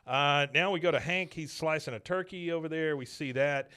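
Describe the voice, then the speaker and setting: A man's voice: fairly high pitch, normal speed, sharp tone, smooth. A man hosting a podcast, recapping a cartoon episode in a casual, chuckling way. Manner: laid-back, chuckling storyteller. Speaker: podcast host.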